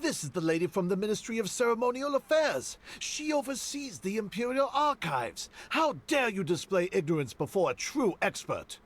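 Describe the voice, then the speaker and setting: A man's voice: sits high, sing-song, normal speed, few pauses. An actor voicing an indignant bookstore owner in a game who scolds his clerk in a pompous way. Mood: scolding. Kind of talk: game voice acting.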